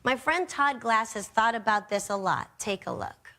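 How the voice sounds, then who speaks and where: A woman's voice: on the high side, normal speed, sharp tone. A woman hosting a comedy show, delivering a sarcastic, punchy monologue to a studio audience. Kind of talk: stand-up monologue.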